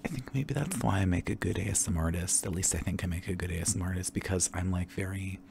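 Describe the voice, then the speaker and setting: Low gravelly man rambling softly. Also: fast, a little hiss or hum. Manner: candid, campy, with soft whispered stretches. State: tired and tipsy. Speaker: ASMR creator. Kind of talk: rambling ASMR chat.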